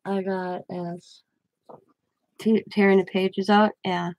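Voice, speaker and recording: A woman's voice: medium pitch, flat delivery, takes it slowly, a little mellow, muffled recording. A woman hosting a casual crafting livestream from home, chatting with viewers by name and often restarting her sentences. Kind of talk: casual live-stream chat.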